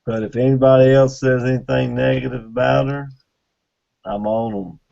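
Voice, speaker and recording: A man's voice: medium pitch, steady tone, normal speed, vocal fry, warm tone. A man with a Southern US accent, talking in an agreeable, plainspoken way in a casual group chat. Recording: dull sound.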